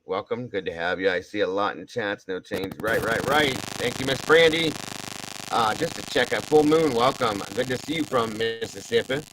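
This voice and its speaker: Over a noisy background, a lowish-voiced man from Ohio talks at a moderate pace with few pauses. He's hosting a relaxed livestream, shouting out the places viewers are joining from in a chatty, upbeat style peppered with casual swearing.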